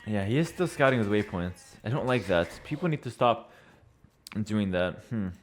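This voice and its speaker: A man's voice: lowish voice, lively intonation, normal speed, slight background noise. A young man casually commentating a strategy game on a live stream, chatty and joking, thinking aloud with fillers.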